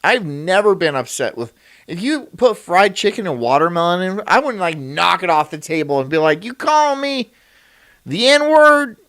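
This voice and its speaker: A man's voice: a little high, lively intonation, moderate pace, fairly bright tone, dry recording. Rambling, crude male streamer. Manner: rambling, crude and self-mocking, breaks into laughs. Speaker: streamer reacting to a video. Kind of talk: casual stream chat.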